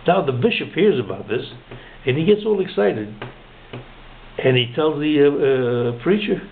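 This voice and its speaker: A man telling a long shaggy-dog joke, chuckling at his own punchlines and slowing down to deliver them. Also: on the high side, animated, creaky. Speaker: joke teller. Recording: narrow phone-like sound.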